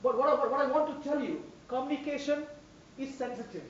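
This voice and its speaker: A woman's voice: high-pitched, brisk, slight background noise. Emphatic woman trainer in an echoey room. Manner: animated, emphatic, repeats phrases for stress. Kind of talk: classroom instruction. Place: large echoey classroom. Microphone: distant room microphone. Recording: echoey, distant, dull room recording.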